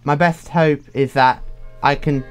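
A young man giving frantic, excitable game commentary full of swearing, with quiet game music behind him. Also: a little high, measured pace. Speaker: gaming video creator. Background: faint game music.

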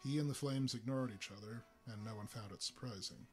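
A man reading a story aloud for a live reading, with steady pacing and the odd filler. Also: medium pitch, fairly quick. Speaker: reader.

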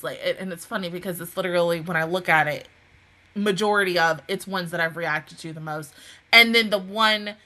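In her anime review and reaction video, the host talks in a mid-range voice, rambling with lots of energy. She frequently corrects herself and drops casual swear words.

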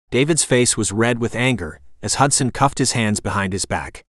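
Male audiobook narrator, animated pitch, dry close-mic sound. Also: normal speed, few pauses, no room sound. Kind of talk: scripted narration.

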